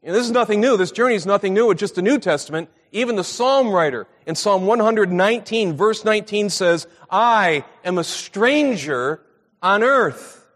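A middle-aged man delivers a sermon in a church meeting room, his voice sitting noticeably high. He moves easily between casual anecdotes and quoted scripture, repeating phrases for emphasis. The sound carries a long, lingering reverb from the hall. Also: fairly quick, few pauses. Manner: conversational storytelling preaching, repeats for emphasis. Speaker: pastor.

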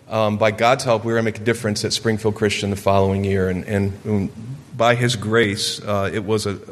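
A man in his forties from Michigan telling a personal story during a sermon, earnest and lively. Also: fairly low pitch. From Michigan, USA. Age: 40s. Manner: earnest storytelling, gets lively acting out quotes. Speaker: preacher. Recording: long hall reverb.

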